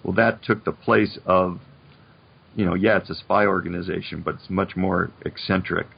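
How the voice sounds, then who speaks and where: An older man in his seventies spins long stories in a casual chat, his voice low, husky and full of gravel. The recording sounds dull and slightly lo-fi. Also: fairly even intonation, moderate pace. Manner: reflective storyteller, many "you know"s. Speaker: guest, animation producer.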